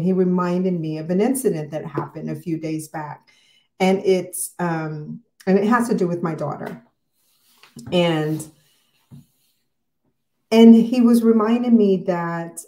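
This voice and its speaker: A woman's voice: fairly low pitch, mellow, echoey room. A middle-aged woman hosting a casual morning devotional livestream, talking in an emotional, rambling way with many fillers.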